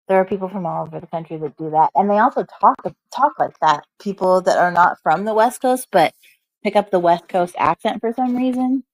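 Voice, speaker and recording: A woman's voice: mid-range voice, a little mellow, poor audio. A woman streaming from home, chatting casually with her viewers and answering chat messages in a rambling way full of "like" and "um". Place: at home, snowed in.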